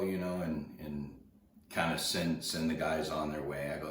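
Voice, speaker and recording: A man's voice: rumbling low, steady tone, moderate pace, a bit bright, slight background noise. A man telling a personal story in a rambling, conversational way, acting out the dialogue as he goes. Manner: rambling, conversational, with repeated restarts and quoted dialogue. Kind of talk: casual storytelling. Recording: echoey room heard from a distance.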